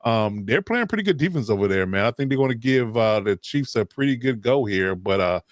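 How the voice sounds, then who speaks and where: Casting: relaxed male sports show host, mid-pitched voice, dry close sound. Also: brisk, dry recording. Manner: upbeat, steers the round of picks, many fillers. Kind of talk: casual sports chat.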